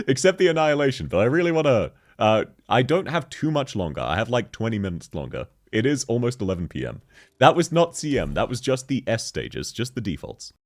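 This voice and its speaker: Lively joking young male streamer. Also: medium pitch, a little fast. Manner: joking, laughs often, reads chat aloud. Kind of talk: casual livestream chat reviewing a game account.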